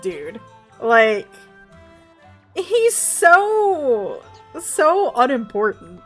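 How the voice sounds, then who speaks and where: A woman's voice: sits high, very animated, extremely slow, a bit bright, faint music behind. A young woman from the States, chatting casually as a game streamer, laughing often and swearing freely. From Southern United States. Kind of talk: casual chat while gaming.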